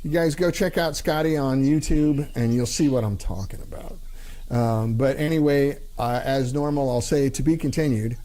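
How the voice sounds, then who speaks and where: A man's voice: mid-range voice, moderate pace, dark tone. A man hosting a livestream, chatting casually and joking, with lots of ums and uhs. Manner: rambling, joking, frequent fillers. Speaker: livestream host. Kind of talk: casual chat.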